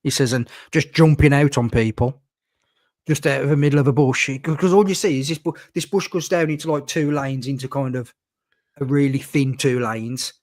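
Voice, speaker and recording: A man's voice: mid-range voice, steady tone, moderate pace, a little mellow, no room sound, studio quality. A man hosting a casual podcast chat, rambling with lots of fillers and acting out what others said. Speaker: podcast host.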